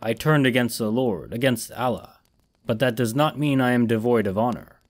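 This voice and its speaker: Solemn fallen angel lord of the hunt, measured and grave, read by a male narrator. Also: mid-range voice, close to an everyday voice.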